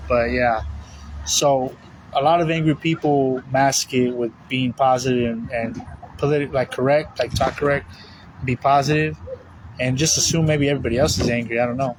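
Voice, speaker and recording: A man preaching in a loose, casual way, circling back on his words with plenty of fillers. His voice sits at an ordinary middle pitch. Traffic and outdoor noise carry clearly behind him. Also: steady tone, moderate pace, low-quality recording. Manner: rambling, repetitive, with many fillers. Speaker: religious teacher. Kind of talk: casual spoken sermon.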